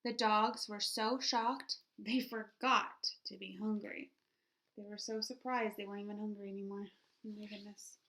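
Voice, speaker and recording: A woman teacher reading a children's picture book aloud with expression, pausing to ask her listeners questions. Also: mid-range voice, steady tone, a bit bright, slight background noise.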